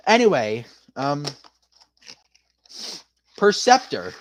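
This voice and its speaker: Male streamer, high voice, slow loose delivery, casual chat and sloppy freestyle. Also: lively intonation, a little hiss or hum. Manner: loose off-the-cuff freestyle rapping; answers chat messages, rambling with fillers.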